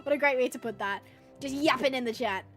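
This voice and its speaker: Chatty high-voiced woman streamer. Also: quick pace, fairly bright tone, faint music behind. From United Kingdom. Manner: chatty, bubbly, reads out and answers chat. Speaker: gaming livestream host. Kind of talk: casual live-stream chat with viewers. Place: at home.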